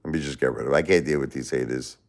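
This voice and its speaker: A man hosting a live stream, angrily lecturing and insulting a chat commenter with lots of profanity, swinging between loud outbursts and low muttering. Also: very fast. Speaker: livestream host reading chat. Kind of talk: livestream rant at a chat commenter.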